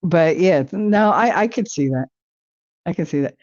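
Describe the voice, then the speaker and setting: A woman's voice: lowish voice, expressive, moderate pace, a little mellow, no room sound. A chatty woman hosts a livestream and riffs loosely on viewer comments. She rambles from thought to thought and laughs easily. Her voice is close and dry, with a dull, lo-fi stream-audio sound. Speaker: livestream talk show host. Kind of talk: casual chat reacting to viewer comments.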